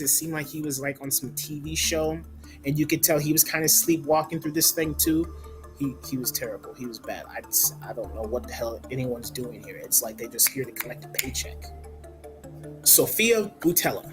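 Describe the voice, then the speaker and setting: A man giving a blunt, casual movie review, ranting with lots of "like" and some swearing. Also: on the high side.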